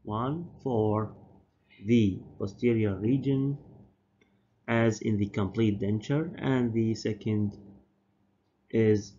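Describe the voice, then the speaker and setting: A man, a native Arabic speaker, giving a university dental lecture slowly and deliberately, often repeating and correcting his terms. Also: on the low side, warm tone, slight background noise. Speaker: dental professor. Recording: dull lo-fi lecture recording.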